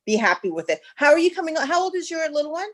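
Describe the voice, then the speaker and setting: A woman hosts a casual interview in a mid-range voice. She is chatty and warm-toned in her phrasing, and she trails into small hesitations when framing her questions. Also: high-pitched, sing-song, quick pace.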